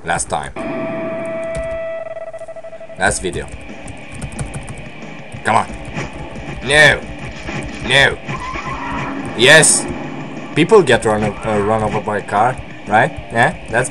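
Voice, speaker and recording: A young man commentating on his own gameplay, joking, swearing and bursting into excited shouts. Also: lowish voice, slow pace, pauses often, music in the background. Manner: excitable, swearing, jokey outbursts. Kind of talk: let's play commentary.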